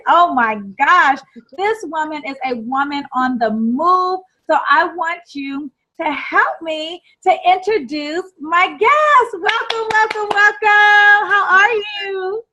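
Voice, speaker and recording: A woman's voice: very high-pitched, fairly bright tone, rough recording. An American woman hosting an online summit, gushing with enthusiasm and repeating words for emphasis. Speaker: summit host. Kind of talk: enthusiastic interview introduction.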